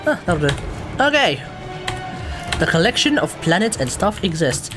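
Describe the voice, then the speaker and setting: A man's voice: sits high, sing-song, normal speed, over music. A man with an Australian accent giving rambling, chatty commentary while live-streaming a video game, often correcting himself.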